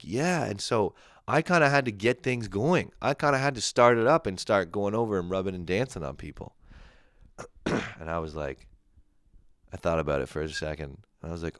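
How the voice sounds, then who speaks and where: A young man hosting a crude solo comedy podcast, swearing freely, laughing at his own jokes and jumping into loud mock quotes. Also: low-pitched, no room sound, studio quality. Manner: profane, laughing, shifts into shouted mock quotes.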